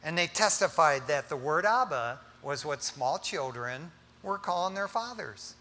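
Male pastor, fairly high bright voice, casual dynamic preaching, long church-hall reverb. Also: animated, measured pace. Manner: dynamic preaching, swinging between loud emphasis and hushed asides; casual, says "man" often. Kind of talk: sermon.

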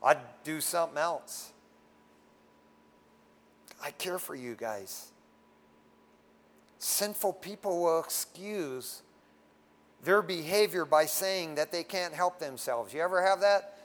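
A man with a high voice preaches to a congregation in a loose, street-level way. He talks straight and plain, like a brother, and keeps dropping "man" into his lines. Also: expressive, slow, pauses often. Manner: folksy and frank, often tags lines with "man". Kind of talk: casual sermon. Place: standing before a congregation.

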